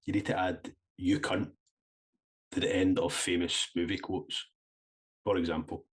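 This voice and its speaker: A Scottish man with a low, husky voice chats on a podcast. He fires off quick questions and laughs easily in casual banter. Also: level tone. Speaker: podcast co-host. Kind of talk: casual chat.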